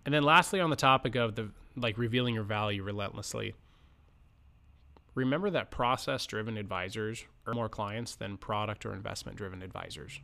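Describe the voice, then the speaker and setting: A man's voice: fairly low pitch, a little fast, vocal fry, sharp tone. A man hosting a podcast, coaching financial advisors in a casual, conversational way, often stopping to act out sample lines to clients. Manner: conversational, many fillers and restarts, acts out sample client lines. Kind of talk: casual instructional podcast talk.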